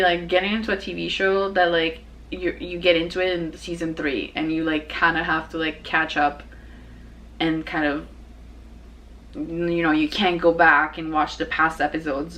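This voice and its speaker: A young woman hosting her own show, chatting casually in a rambling way, full of fillers and restarts and quick to laugh. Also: fairly low pitch, a bit bright, low-quality recording. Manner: laughs easily. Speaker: podcast host. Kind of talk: casual personal chat.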